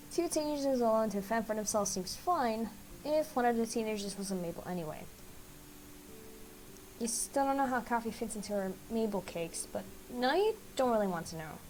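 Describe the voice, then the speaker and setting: A woman with a fairly high voice reads a dating game aloud at a fast pace, a little out of breath. She pokes fun at her own slips as she goes, over a faint background hiss. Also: darkish tone, low-quality recording. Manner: fast, self-mocking reading. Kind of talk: game dialogue read-along.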